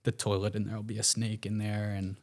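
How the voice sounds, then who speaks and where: A man with an American accent talks as a guest on a podcast, in a casual storytelling manner that wanders and restarts. His voice sits somewhat low. He fills pauses with loose, easygoing asides. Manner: relaxed, rambling, many fillers and restarts.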